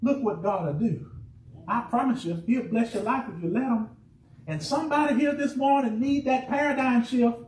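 A fervent pastor preaches in a high, ringing voice, throwing refrains back and forth with his congregation. The sound is roomy and a little distant, with a faint hum of church ambience behind him. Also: normal speed. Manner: preacherly call-and-response, rising excitement, shouted refrains. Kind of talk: sermon. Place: church sanctuary.

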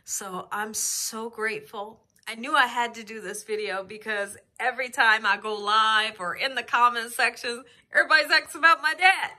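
The cooking channel host's voice is on the high side, bright and forceful yet steady in tone. In a casual home vlog, with the camera very near her face, she speaks emotionally and from the heart, drawing her words out slowly.

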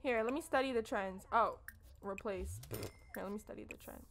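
This is casual gameplay commentary from a young woman hosting a let's play, who chats expressively with viewers in slang. Her voice is mid-range and a bit bright, at normal speed.

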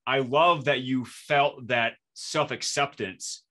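A man's voice: medium pitch, steady tone, pushed and bright. A man hosting a casual interview, chatty and encouraging. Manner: encouraging, chatty with quick backchannels. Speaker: host.

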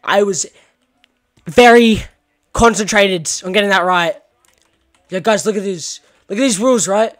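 A man's voice: high-pitched, a little slow, pauses often, a bit bright. A man with an Australian accent doing let's-play commentary on a horror game, jumpy and slangy, yelping when startled. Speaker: gaming YouTuber.

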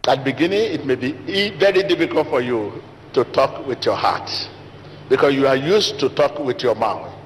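A man's voice: animated, normal speed. A man delivering an emphatic, repetitive sermon as a pastor in a large church hall. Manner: repetitive emphatic preaching, rising to high pitch. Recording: long hall reverb, faint noise.

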